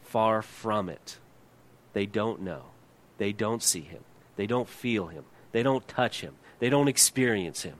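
Middle-aged man preaching with hushed emphasis. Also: a little slow. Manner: preaching with rhetorical questions, dropping to a hushed, low voice for emphasis. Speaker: pastor. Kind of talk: sermon.

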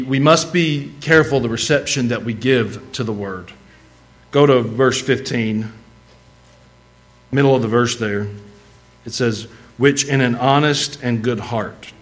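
A man's voice: medium pitch, poor audio. A man preaching a sermon in a church, reading scripture aloud and mixing in casual, humorous asides. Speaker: pastor. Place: church sanctuary.

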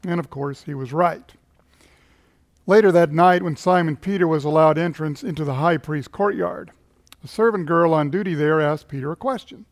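A male pastor preaching, unfolding a story in a relaxed storytelling way and chuckling now and then. His voice is a little higher than most men's. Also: moderate pace. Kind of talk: sermon storytelling.

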